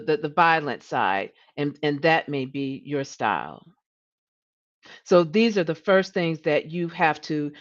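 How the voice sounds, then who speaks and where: A woman coach talking to a live audience, with a fairly low voice. She gets animated and repeats herself as she works through a thought. The audio is slightly dull and lo-fi. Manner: animated, restarts and repeats words, rises when passionate. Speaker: leadership coach and livestream host. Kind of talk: coaching talk.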